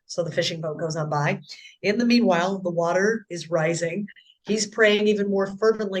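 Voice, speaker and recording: A woman's voice: fairly low pitch, moderate pace. A woman telling her conversion story in an interview, earnest and emotional, often repeating and restarting her words. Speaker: interview guest. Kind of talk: personal conversion testimony.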